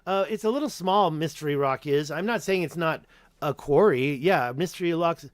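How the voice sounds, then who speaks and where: A man hosts a casual live-stream Q&A with a slightly high voice, rambling from point to point and correcting himself as he goes. He reads viewer names aloud between answers. The sound is dry and close, with no room echo. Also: moderate pace. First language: English. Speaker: YouTube host answering live chat.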